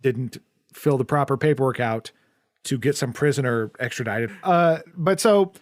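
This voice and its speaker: This podcast co-host speaks at medium pitch and normal speed, with no room sound in the dry, close-miked basement studio. He rambles casually about a film, restarting and using fillers.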